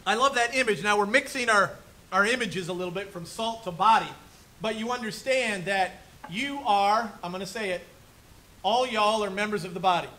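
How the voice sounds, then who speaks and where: A man's voice: high voice, moderate pace, bright, forceful tone, rough recording. A male pastor preaching a conversational sermon in a church room, often checking in with "right?" and "okay?". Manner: chatty, keeps asking "right?" and "okay?".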